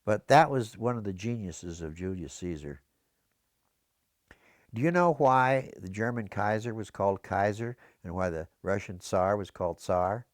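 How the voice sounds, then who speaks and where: Speaking in a low-pitched voice on clean studio sound with no echo, an older American man who served in the military shares his memories for an oral history. He's a rambling storyteller who keeps drifting into historical tangents.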